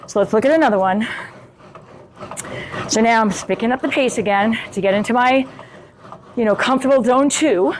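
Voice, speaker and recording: A middle-aged woman coaching fitness in a loose, conversational way, with a voice pitched a little above most women's. She talks while working out on an exercise bike and keeps checking in with the viewer. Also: a little hiss or hum. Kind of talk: casual instructional talk while demonstrating on an exercise bike.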